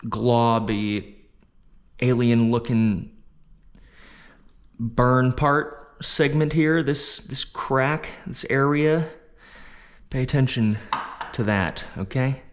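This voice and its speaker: A man talking casually while working in his garage, muttering and swearing under his breath, recorded on a head-mounted action camera. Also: medium pitch. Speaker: DIY mechanic vlogger. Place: home garage workshop.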